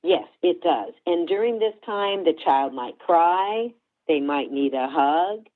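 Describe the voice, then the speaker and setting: A woman's voice: fairly low pitch, animated, takes it slowly. A woman working as a parenting coach, explaining step by step to an interviewer over a remote call. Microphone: remote video call. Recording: tinny phone-like call audio.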